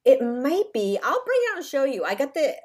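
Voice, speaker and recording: Animated woman telling a story. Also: sits high, a little fast. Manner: animated, acts out voices in her story. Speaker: podcast co-host. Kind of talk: casual storytelling chat.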